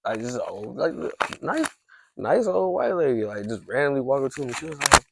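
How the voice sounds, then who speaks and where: A man's voice: medium pitch, big pitch swings, moderate pace, gravelly, noisy background. A man hosting a podcast, telling a story in a casual, rambling way with lots of restarts. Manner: rambling, heavy use of "like", frequent restarts. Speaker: podcast host.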